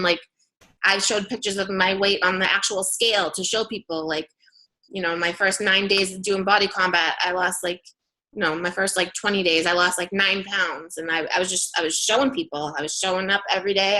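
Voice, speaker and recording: A woman's voice: mid-range voice, sharp tone. A woman telling her story on a team video call, chatty and full of fillers. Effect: robotic distortion at times. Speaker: guest speaker.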